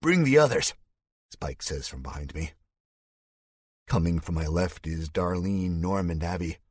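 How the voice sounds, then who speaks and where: A man narrates a thriller audiobook in the first person with a measured, somber delivery. His voice is deep and slightly husky. It is recorded close and dry. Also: steady tone, a little mellow, no echo.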